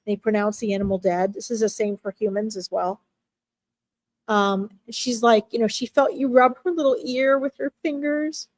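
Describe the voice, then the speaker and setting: A woman giving a heartfelt animal reading on a live stream, her voice sitting a little high. She speaks gently and emotionally, halting often and restarting her sentences. The sound is dry and close, with no room echo.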